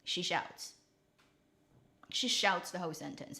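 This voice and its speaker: Blunt, animated woman drama reviewer. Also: mid-range voice, moderate pace. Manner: opinionated, blunt, animated critique. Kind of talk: casual commentary livestream.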